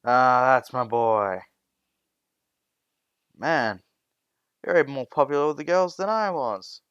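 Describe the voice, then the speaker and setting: A man's voice: mid-range voice, normal speed, dry recording, highs cut off, natural voice. A man voicing a boastful, teasing middle-aged father in a fan-made spoken story. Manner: loud, jokey, defensive.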